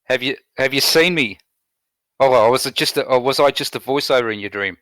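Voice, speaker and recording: A man's voice: mid-range voice, brisk, a bit bright, no room sound. A man in a casual voice chat who talks bluntly, swears and cuts in on others. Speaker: chat participant.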